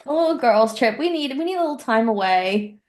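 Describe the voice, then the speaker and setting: A young woman co-hosts a podcast, chatting casually in an animated way and laughing easily. Her voice is fairly high.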